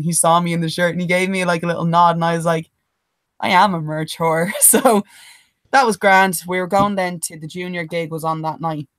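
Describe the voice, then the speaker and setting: A woman's voice: fairly low pitch, no echo, clean studio sound. A young Irish woman telling a swear-laden anecdote on a podcast, acting out what others said. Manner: animated anecdote-teller who swears freely and mimics others in quotes. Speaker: podcast co-host. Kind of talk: casual storytelling chat.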